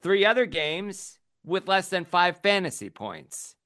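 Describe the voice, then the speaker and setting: A man's voice: high voice, expressive, measured pace, pushed and bright. A man co-hosting a fantasy football show, talking in a casual, joking and confident way. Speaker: fantasy football podcast co-host. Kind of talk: casual sports chat.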